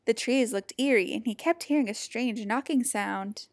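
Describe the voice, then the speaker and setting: A woman reading a children's picture book aloud in an expressive, animated way. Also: a little high, moderate pace, noisy background. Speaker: storybook reader.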